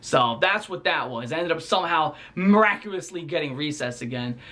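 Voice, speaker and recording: Young man, 20s, storytime vlogger, animated, slangy, cursing, bright tense voice. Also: on the high side, fairly quick. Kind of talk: casual storytelling.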